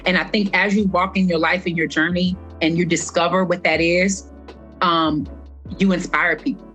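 A woman's voice: on the low side, steady tone, normal speed, fairly bright tone, muffled recording, soft background music. Earnest woman guest, repeating for emphasis. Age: adult past her twenties. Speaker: fitness instructor and podcast guest. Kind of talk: heartfelt podcast conversation.

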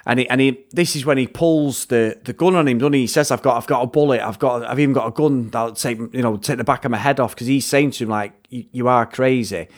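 A man's voice: mid-range voice, fast, hardly any pauses. Chatty man reviewing a film. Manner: chatty, rambling, retells scenes with impressions. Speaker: podcast co-host. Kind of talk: casual film review chat.

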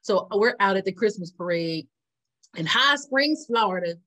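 A woman's voice: mid-range voice, moderate pace. A woman co-hosting a casual chat, telling a story with lots of laughter and acted-out quotes. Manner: animated, laughs often, acts out quotes. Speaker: co-host.

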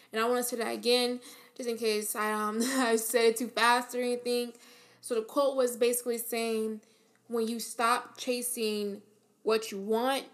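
A woman with a slightly high voice speaks in an earnest, encouraging tone, delivering a motivational monologue as a podcast host. She talks casually, with fillers, and repeats her key phrases for emphasis.

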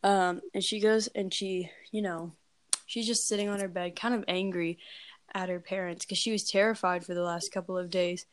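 A woman's voice: fairly low pitch, steady tone, moderate pace, no echo. A woman casually telling a scary story, rambling with lots of fillers and valley-girl phrasing.

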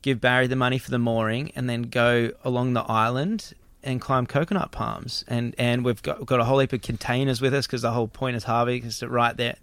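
A man's voice: medium pitch, fairly even intonation, fairly quick, hardly any pauses, a bit bright, clear, resonant tone, no room sound. A young man hosting a podcast, telling a travel story in a rambling way and often repeating words. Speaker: podcast host. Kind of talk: casual storytelling chat.

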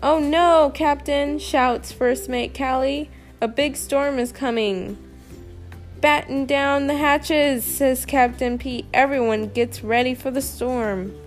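A woman reads a children's picture book aloud at an unhurried pace, in a fairly high voice. She lifts the dialogue with playful expression, over faint music in the background. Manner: slow, expressive reading with lively character lines. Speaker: storybook reader.

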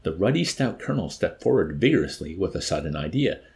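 A man reading a novel aloud as an audiobook narrator, measured and expressive. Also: low-pitched, gravelly. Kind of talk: scripted narration.

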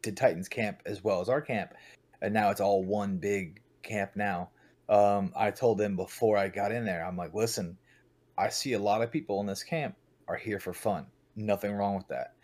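A young man in casual podcast chat, blunt and profane, telling animated stories about his team. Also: lowish voice, normal speed. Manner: blunt, swears a lot, animated storytelling. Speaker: podcast guest, paintball team captain.

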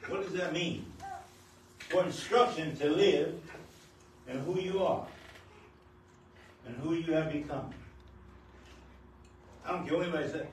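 An older man, married nearly fifty years, preaching a sermon as pastor, at times rising to shouts. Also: fairly high pitch, measured pace, long pauses. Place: church sanctuary. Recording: very echoey church hall, distant mic, noisy.

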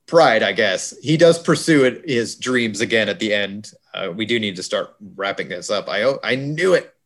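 A man's voice: on the low side, animated, moderate pace, fairly bright tone. Guy co-hosting a podcast, rambly and jokey, talks over himself. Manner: rambling, jokey, self-correcting. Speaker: podcast co-host. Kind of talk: casual movie discussion chat.

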